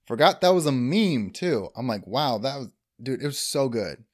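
A man's voice: mid-range voice, big pitch swings, normal speed, darkish tone, no echo, studio quality. A man co-hosting a casual movie review chat, enthusiastic and full of "like" and "dude". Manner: enthusiastic, heavy use of "like" and "dude". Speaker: podcast co-host.

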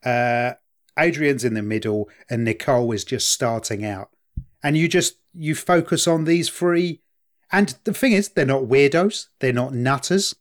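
A man's voice: medium pitch, measured pace. A man co-hosting a podcast in casual chat, upbeat and cheerfully leading the discussion. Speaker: podcast co-host.

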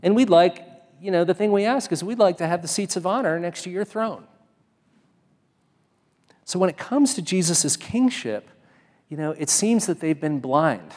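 A man's voice: high-pitched, lively intonation, moderate pace, long pauses, a little mellow, long reverb tail. A man preaching a sermon as pastor, talking in a conversational way with frequent fillers and restarts.

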